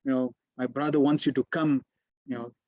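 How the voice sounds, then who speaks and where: A man's voice: mid-range voice, steady tone, brisk, no echo, highs cut off, pitched below the performer's own voice, natural voice. A man voicing a hungry, easily distracted young strongman who talks hesitantly. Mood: pleading.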